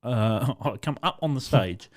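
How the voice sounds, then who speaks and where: A young man, co-hosting a podcast in casual chat. He tells stories in an animated way, laughs often and swears freely. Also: medium pitch, a little slow. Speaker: podcast co-host.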